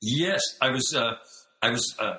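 A man, a director and choreographer, telling animated stories in an interview over a video call, acting out the voices of people he quotes. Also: mid-range voice, unhurried, echoey room, poor audio. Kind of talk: storytelling interview.

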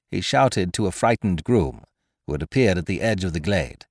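Lively male story narrator. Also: sits low, normal speed, no echo, studio quality. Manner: vivid, dramatic storytelling. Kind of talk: scripted narration of a classic story.

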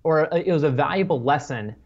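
A man's voice: a little high, animated, brisk. A man co-hosting a podcast, talking earnestly and often restarting his sentences. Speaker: podcast co-host. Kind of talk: casual chat. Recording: dull lo-fi audio.

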